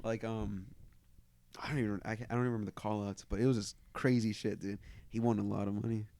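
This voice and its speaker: A man's voice: fairly low pitch, level tone, quick pace, vocal fry, warm tone. A man co-hosting a podcast, telling school stories in laid-back slangy casual chat. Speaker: podcast co-host.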